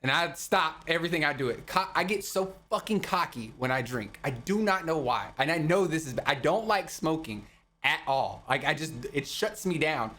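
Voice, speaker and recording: A young man with a slightly higher voice spins a long party story on a casual podcast. He swears freely, laughs through his own lines and puts on quick voices for the people he quotes. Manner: animated, profane, laughing storyteller acting out quotes. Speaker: podcast co-host.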